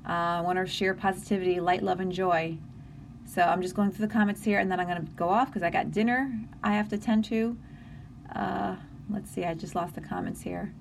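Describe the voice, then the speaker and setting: A woman's voice: lowish voice, fairly even intonation, fairly quick, gravelly, slight background noise. Earnest, emotional woman live-streaming. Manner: earnest, emotional, encouraging, with many restarts. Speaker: livestream host. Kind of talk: live-stream chat reading comments.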